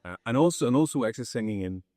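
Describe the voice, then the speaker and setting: A middle-aged man with a Northern Irish accent, a songwriter guest telling stories in a relaxed, self-deprecating way during an on-stage conversation. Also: mid-range voice, very fast, no room sound, clean studio sound.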